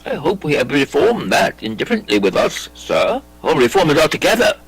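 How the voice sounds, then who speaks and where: A man reading a classic play aloud, voicing a brooding, intense young prince with lively theatrical delivery. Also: on the high side, brisk, vocal fry, breathy edge, no echo, heavily acted, poor audio. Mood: instructing. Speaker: audiobook reader.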